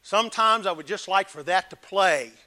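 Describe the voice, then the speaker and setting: A man preaching a sermon, emphatic, swinging between loud exhortation and hushed earnest talk. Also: sits high, moderate pace.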